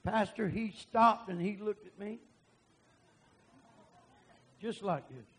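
A man preaching a sermon and telling a testimony, animated and bursting into loud emphasis. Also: high voice, slow, slightly rough, poor audio.

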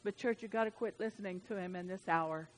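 A woman's voice: medium pitch, fairly quick. A woman preacher delivering a sermon in an emphatic, conversational way, repeating her points.

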